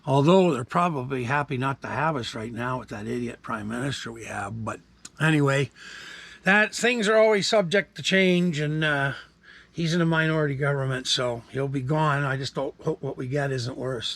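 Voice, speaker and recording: In a laid-back vlog, this Canadian man in his 60s wanders through his thoughts to camera with frequent fillers and asides. He speaks at a moderate pace in a medium-pitched, creaky voice that's a bit bright.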